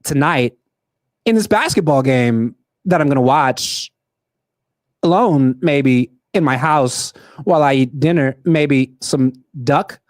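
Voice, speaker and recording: A man putting on a celebrity actor impression while making sports betting picks, with drawn-out, halting phrasing. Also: mid-range voice, no room sound, close to an everyday voice. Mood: deadpan.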